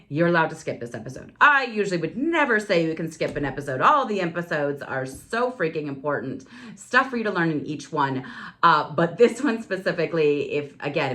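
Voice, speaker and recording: A woman in her forties talks through a solo podcast from her home office with a low, grounded voice. She chats candidly and sometimes breaks into dramatic, high exclamations. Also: pushed and bright. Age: 40s. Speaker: podcast host. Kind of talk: casual solo podcast chat.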